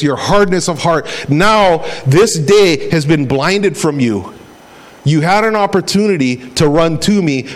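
A middle-aged man preaching a sermon in a conversational way, acting out quotes as he goes. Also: on the high side. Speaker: pastor.

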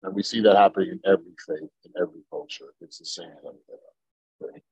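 A man from Egypt, a podcast guest, telling stories in a lively way, laughing and swearing freely. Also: low-pitched, fairly quick, slightly rough, no echo, rough recording. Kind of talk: casual podcast chat.

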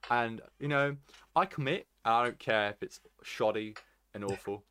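A man's voice: medium pitch, normal speed, sharp tone, a little hiss or hum. A young man in casual chat, jokey and silly, often restarting his sentences.

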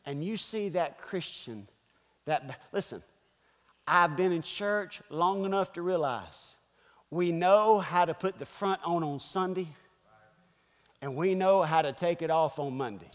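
A man's voice: fairly high pitch, a little slow, in a large hall. A man preaching a sermon as pastor, firing off emphatic rhetorical questions. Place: church.

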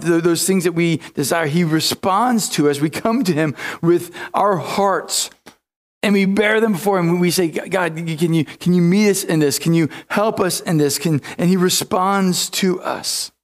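A man preaching a sermon, telling stories with energy, acting out quotes and often restarting his sentences. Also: fairly high pitch. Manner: animated storytelling with repeated restarts and acted quotes. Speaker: pastor.

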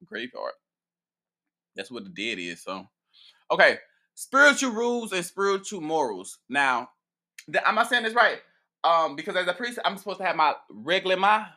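A man speaking as a priest answering viewer questions in casual, profane chat, playful and animated with frequent laughs and restarts. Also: a little high, moderate pace, pauses often.

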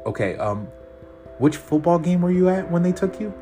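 A man doing a timid, halting teenage girl. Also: high-pitched, expressive, dark tone, faint music behind, voice pushed up. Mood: hesitant. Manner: hesitant, halting. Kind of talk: audiobook character voice.

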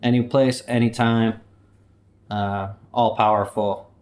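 A man's voice: fairly low pitch, little pitch movement, slow, a little mellow. A man playing a boastful, swaggering personification of human error in a comedic interview. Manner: swaggering, boastful, laid-back. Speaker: company anti-mascot guest.

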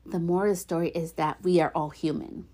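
Gentle encouraging woman podcast host. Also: fairly low pitch, steady tone, fairly quick. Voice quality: soft, warm and encouraging, with light giggles. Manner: gentle affirmations, repeats herself for emphasis. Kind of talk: heartfelt solo podcast talk.

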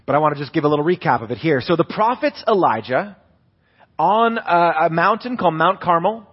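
A man's voice: a little high, husky, lo-fi sound. Young man giving a casual sermon. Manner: conversational storytelling, many restarts, stress on words. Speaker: pastor.

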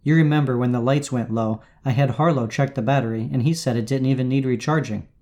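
A man reading old wartime-era letters aloud in a measured, unhurried way with soft pauses. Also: mid-range voice.

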